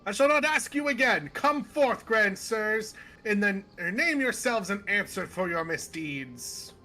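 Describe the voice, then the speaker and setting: A man reading game dialogue aloud as a pompous gentleman inspector who is a grandfather, grandiose and declamatory. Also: sits high, expressive, measured pace, exaggerated voice, rough recording. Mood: blustering. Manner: grandiose, old-fashioned and declamatory.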